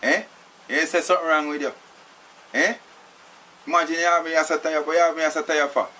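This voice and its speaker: A man's voice: a little high, fairly even intonation, a little fast, pushed and bright, a little hiss or hum. A man playing a tied-up Jamaican captive. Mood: accusing. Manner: pleading, arguing, repeats "you know". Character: tied-up man pleading and arguing with his captor. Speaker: actor in a film. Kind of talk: film dialogue.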